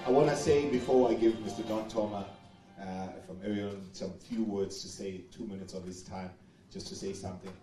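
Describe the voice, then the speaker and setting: A man's voice: lowish voice, fairly even intonation, moderate pace, music in the background. A man with a South African accent emceeing an event, joking with the audience and laughing often. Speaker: master of ceremonies. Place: event venue.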